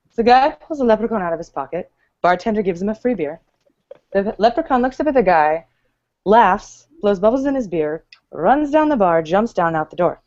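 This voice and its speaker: A woman's voice: mid-range voice, lively intonation, fairly quick, darkish tone. A woman telling a bar joke in casual chat, doing the quoted voices as she goes. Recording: dull lo-fi sound.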